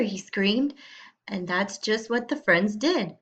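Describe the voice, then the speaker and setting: A woman teacher reading a storybook aloud to young students in a slow, clear way. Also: mid-range voice, animated, a bit bright, dull audio.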